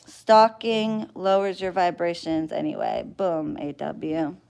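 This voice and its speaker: A woman's voice: on the low side, level tone, takes it slowly, vocal fry, a little mellow, smooth. A woman who practises spellwork, ranting bluntly and wearily to her livestream viewers, swearing freely. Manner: blunt, exasperated, profane; sighing and weary. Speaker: spiritual practitioner and spell caster.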